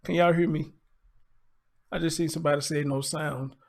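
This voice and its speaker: A man's voice: on the high side, fairly even intonation, moderate pace, creaky, a little mellow. A man hosting a livestream, heartbroken and choked up, struggling to hold back tears as he talks to his viewers. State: tearful, choked up. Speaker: livestream host. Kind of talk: emotional live commentary.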